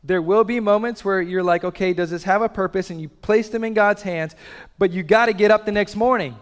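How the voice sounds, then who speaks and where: A male pastor delivering a sermon with a somewhat high voice. He swings between loud, urgent pushes and hushed, slowed-down lines. The sound carries a long reverb, as if he is in a large hall. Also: clear, resonant tone.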